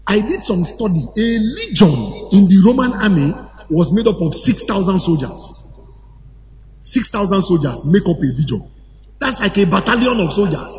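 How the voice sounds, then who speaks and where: Animated preacher man in a reverberant hall. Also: high-pitched, normal speed. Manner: animated, sometimes shouting and chanting phrases. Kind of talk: sermon. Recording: hall reverb with faint ambience.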